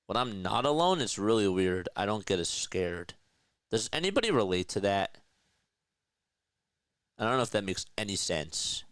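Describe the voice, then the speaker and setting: A young man streaming live play-by-play of a baseball game, chatting with his viewers between pitches and lifting his voice for each call. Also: sing-song, moderate pace, long pauses, a bit bright, clear, resonant tone, no room sound. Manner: pitch calls rise in pitch and energy. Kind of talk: live play-by-play commentary with chat.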